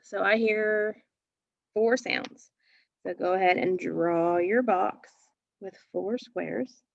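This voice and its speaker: A woman teaching phonics to young children, slowly and patiently sounding out each letter. The recording is dry and a little dull. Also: medium pitch, gravelly, no room sound.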